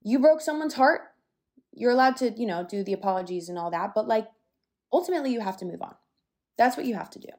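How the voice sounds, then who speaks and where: A woman's voice: fairly high pitch, fast. A young woman hosting her own podcast in a casual solo talk, chatty and candid, swearing now and then and a little breathless. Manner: lively, sometimes breathless. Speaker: podcast host.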